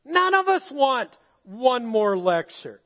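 In dull audio from a church auditorium, a middle-aged pastor preaches slowly, his very high-pitched voice highly animated. He shares stories throughout and puts questions to the congregation.

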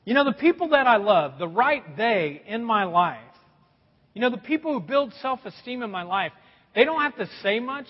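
A middle-aged pastor delivers a sermon in a high, very lively voice, telling stories in a big animated way. The sound is dull and carries a long reverb from a large church hall. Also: male voice, normal speed. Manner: animated storytelling with a lot of pitch swings.

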